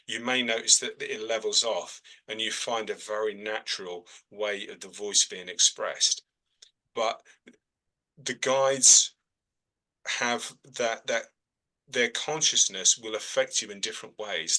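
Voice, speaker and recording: A man's voice: on the low side, sharp tone, poor audio. A man who works as a trance medium, answering students' questions in a chatty teaching manner. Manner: chatty, frequent "all right?" check-ins. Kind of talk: relaxed teaching in a video call.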